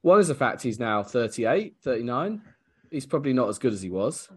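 A man's voice: mid-range voice, sing-song, brisk, a little mellow, husky. A man co-hosting a casual sports podcast, talking through the game analytically with hesitant restarts and easy laughs. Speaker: podcast co-host.

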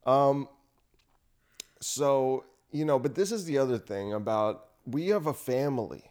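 A man's voice: mid-range voice, a little slow, a little mellow. A man hosting a casual podcast chat, rambling and sarcastic, recorded on one handheld recorder. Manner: rambling, sarcastic, restarts his sentences. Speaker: podcast host. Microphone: single handheld recorder.

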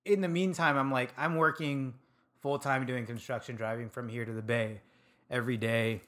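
A man's voice: mid-range voice, steady tone, normal speed, fairly bright tone. Laid-back young man telling stories. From Sacramento, California. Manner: laid-back, laughs often, swears freely. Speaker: podcast guest, food truck owner. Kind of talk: casual storytelling chat.

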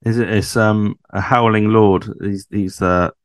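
A low-pitched man talks through a sitcom episode in a relaxed, chatty way. He often stops to ask his co-host questions. The sound is dry and close. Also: measured pace, no echo. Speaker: podcast co-host. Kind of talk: casual chat recapping a sitcom episode.

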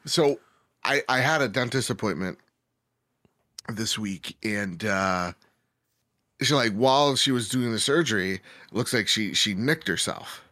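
A man's voice: lowish voice, unhurried, pauses often, sharp tone, no echo, studio quality. A man guesting on a gaming podcast, chatty and telling stories. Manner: chatty, storytelling. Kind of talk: casual podcast chat.

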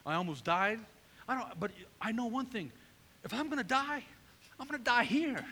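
A middle-aged man from Northern California, a pastor preaching a sermon testimony and acting out his own past conversations in an animated storytelling manner. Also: very high-pitched, normal speed, slight background noise. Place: church hall. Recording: long reverb of a church hall.

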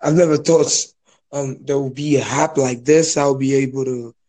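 A young man from Nigeria with a Nigerian accent, chatting casually on a podcast, often pausing and restarting his sentences. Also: medium pitch, fairly even intonation, mellow. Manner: hesitant, many restarts and fillers. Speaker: podcast guest. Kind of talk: casual chat.

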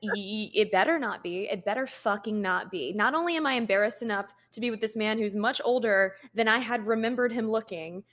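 A woman's voice: mid-range voice, a little fast, hardly any pauses, fairly bright tone. A young woman co-hosting a podcast, telling her side of a story in a blunt, emphatic way and swearing now and then. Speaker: podcast co-host. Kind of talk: casual storytelling chat.

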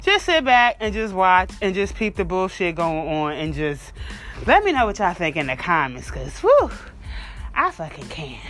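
A woman's voice: lowish voice, very animated, moderate pace, fairly bright tone, slight background noise. A woman hosting a gossip commentary, talking bluntly and animatedly and swearing freely. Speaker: commentary host.

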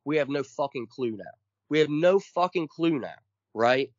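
A man's voice: fairly high pitch, expressive, moderate pace, dry recording. A man co-hosting a podcast, ranting casually and emphatically with lots of swearing, counting off his points one by one. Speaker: podcast co-host. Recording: dull lo-fi dry sound.

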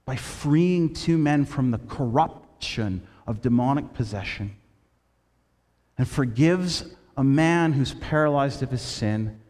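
A man's voice: medium pitch, takes it slowly. Preacher man in a reverberant hall. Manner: storytelling with quoted voices, shifting between loud and hushed. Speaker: pastor. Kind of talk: sermon.

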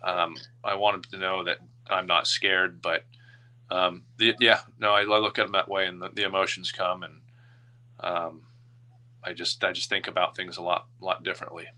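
Guest: man in his 30s, lowish and very bright voice, open and halting, emotional. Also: little pitch movement. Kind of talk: personal storytelling in an interview.

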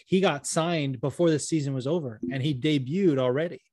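A man's voice: fairly high pitch, a little fast, darkish tone, no room sound, clean studio sound. A man co-hosting a casual podcast chat, swearing freely and laughing often. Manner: profane, laughing, breaks into sung bits. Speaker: podcast co-host. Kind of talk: casual chat about fights.

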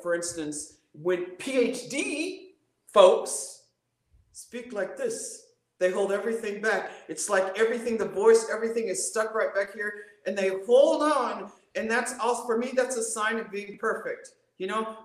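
Animated woman voice coach, roomy echo. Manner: expressive, demonstrative, big pitch swings. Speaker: voice coach guest. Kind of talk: animated interview talk.

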